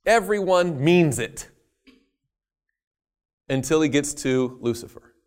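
A man preaching a sermon, telling a story with lively jokey asides. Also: a little high, slow pace.

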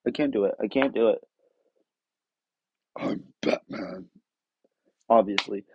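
A man's voice: lowish voice, fast, muffled recording, a little hiss or hum. A man hosting his own podcast in a casual, rambling, self-deprecating way, often trailing off. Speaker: podcast host. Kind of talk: casual chat.

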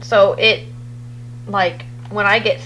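A woman's voice: medium pitch, flat delivery, slow, bright, forceful tone, a little hiss or hum, low-quality recording. A woman chatting casually as a podcast guest, acting out the quotes in her stories with animation. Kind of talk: casual chat.

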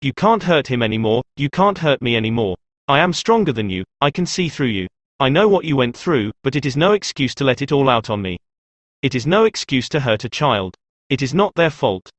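A man's voice: mid-range voice, sing-song, fairly quick, no echo. A man playing a traumatized adult man who confronts his abusive mother with intense emotion. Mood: defiant.

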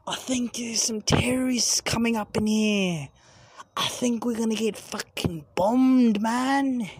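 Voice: slow pace, husky, no room sound. A young adult putting on a mock Australian accent to play a panicking, swearing man calling emergency services about gas in the sky. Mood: panicked. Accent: put-on Australian. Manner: frantic, cursing, voice shooting up high.

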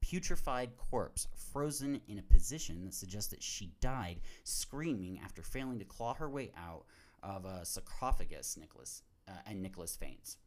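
A man's voice: low voice, lively intonation, moderate pace, darkish tone. A man casually reading a movie synopsis aloud as a podcast host, swearing, rambling off on tangents and laughing between lines.

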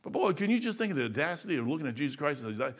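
A man preaching a folksy, animated sermon, acting out voices and laughing as he goes. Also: a little high, racing. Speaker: lay preacher.

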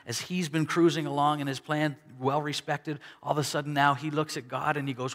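A man's voice: on the high side, steady tone, a little fast, few pauses, fairly bright tone. Man preaching in a reverberant hall. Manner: conversational preaching with dramatic quoted dialogue. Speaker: pastor. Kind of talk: sermon.

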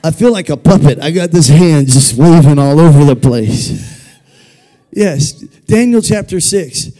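A man's voice: on the high side, animated, unhurried, noisy background. A man preaching a playful, jokey children's sermon in a church, leading the crowd in call-and-response. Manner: playful, jokey, leads the crowd in repeat-after-me calls. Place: church sanctuary.

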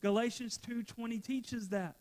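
A man's voice: very high-pitched, steady tone, normal speed, a little mellow. A male pastor preaching a sermon to his church, repeating phrases for emphasis and getting out of breath.

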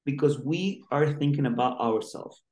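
A man's voice: mid-range voice, moderate pace, a little mellow. A male doctor being interviewed, who talks in an earnest, rambling way with many restarts. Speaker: guest doctor. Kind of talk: interview conversation. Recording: roomy echo.

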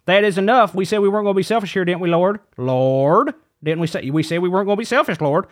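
A man playing a high, fervent rambling reverend. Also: fast, natural voice. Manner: says "Lord" after nearly every phrase, trips over his words. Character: excitable rambling male reverend. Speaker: guest preacher character. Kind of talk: comedic mock prayer. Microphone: studio dynamic mic.

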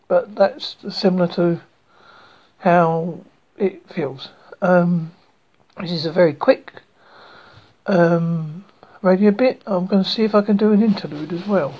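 Rambling English radio host, husky. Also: male voice, high voice, moderate pace, lo-fi sound. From Essex, England. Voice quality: self-deprecating, rambling. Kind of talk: casual rambling radio chat.

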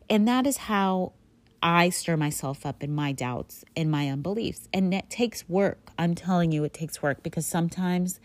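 A woman with a low voice teaches a Bible story in a loose, chatty way. She rambles and fills her talk with fillers, in a dry, close recording. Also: a little mellow, no echo. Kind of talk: casual retelling of a Bible story.

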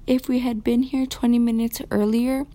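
A woman's voice: level tone, moderate pace, warm tone, natural voice. A woman reading as a secretive young boy. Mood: urgent. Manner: read aloud, raised pitch.

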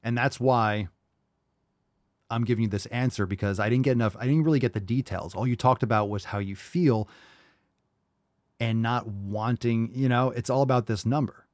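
A man's voice: medium pitch, normal speed, a little mellow, no echo, studio quality. A man hosting a podcast who answers a caller's question in blunt, rambling, direct coaching talk. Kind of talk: casual advice talk.

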